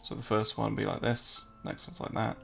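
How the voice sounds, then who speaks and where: Gravelly English man talking markets. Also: fairly low pitch, little pitch movement, brisk, a bit bright, faint music behind. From England. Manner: chatty, joking, answers viewer chat while walking through charts. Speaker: crypto trading streamer. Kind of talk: casual live-stream market commentary.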